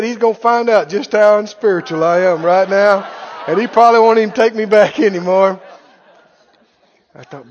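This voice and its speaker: A male pastor delivering a sermon in a high, very lively voice, telling stories in a folksy way. The recording is dull and carries a long reverb from a large hall. He swings his pitch widely. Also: normal speed, a faint crowd. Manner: animated, folksy storytelling. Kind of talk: sermon with storytelling.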